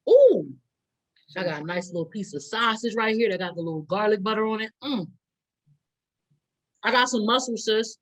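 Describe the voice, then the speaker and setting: A woman's voice: medium pitch, a little fast, poor audio. A woman in her thirties co-hosting a podcast, chatting casually and laughing often while she eats. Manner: animated, laughs often, eating while talking. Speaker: podcast co-host. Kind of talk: casual chat over a meal.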